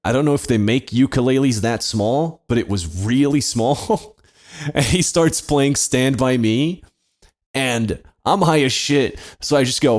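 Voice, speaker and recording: A young man tells a funny story on a comedy podcast, his pitch swinging widely as he goes. He talks casually and swears freely, and he often breaks into laughter. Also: expressive, a little slow. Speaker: podcast co-host telling a story.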